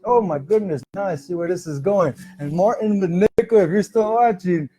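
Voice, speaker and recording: Hosting a laid-back spiritual livestream from his home, a man talks loosely with his viewers in a high-pitched, warm voice at a moderate pace. Faint music can be heard softly behind him.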